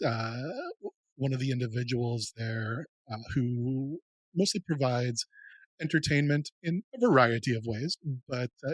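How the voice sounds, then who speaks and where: A man describing his character as a player in a tabletop game, relaxed, with many ums and uhs. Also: mid-range voice, breathy edge, no echo, rough recording.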